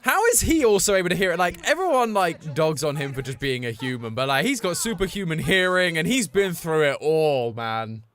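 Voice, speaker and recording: A male game streamer giving excitable, rambling live commentary over gameplay. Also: a little high, brisk, hardly any pauses. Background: game music.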